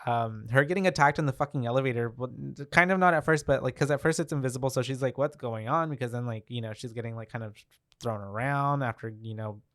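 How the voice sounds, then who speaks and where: A young man talks through a film plot in loose, casual chat, full of fillers and restarts. His voice is smooth and clear at a middle pitch. The sound is close and dry, with no room echo. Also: fast, a bit bright. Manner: rambling, with many fillers and restarts. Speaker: movie review podcast co-host.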